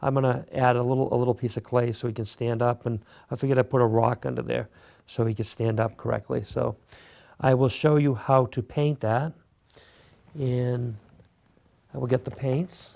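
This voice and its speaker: A man hosting a beginner clay sculpting tutorial, talking relaxed and casual while he works. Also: mid-range voice, moderate pace, vocal fry. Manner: relaxed, talks while working, many fillers. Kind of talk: step-by-step craft tutorial.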